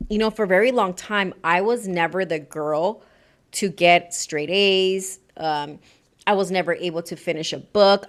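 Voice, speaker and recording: A young woman vlogger telling a personal story to her viewers in a candid, chatty way, dropping to near whispers and then rising to louder bursts. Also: medium pitch. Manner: swings between loud bursts and soft whispers.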